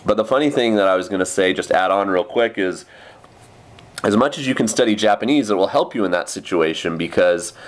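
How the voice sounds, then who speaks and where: Chatty man with a low voice. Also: brisk. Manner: chatty, with many fillers and quoted kid voices. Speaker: English teacher in Japan. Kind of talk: rambling casual vlog.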